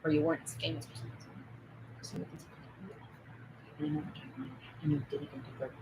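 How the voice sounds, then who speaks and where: A woman in a rambling solo monologue who jumps between topics, swears, and swings from loud outbursts to low mutters. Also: level tone, fast, very noisy.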